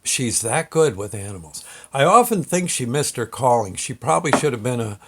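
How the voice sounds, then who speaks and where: A man's voice: medium pitch, sing-song, normal speed, slightly rough. A man hosting his own show, telling a personal story in a rambling, folksy way with many fillers and restarts. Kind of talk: casual storytelling.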